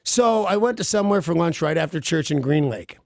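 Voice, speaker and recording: Hosting a radio show, a man tells an energetic story, laughing at himself and acting out every quote in a jumpy voice with big pitch leaps. His excitable speech is fairly quick and creaky, with no room sound.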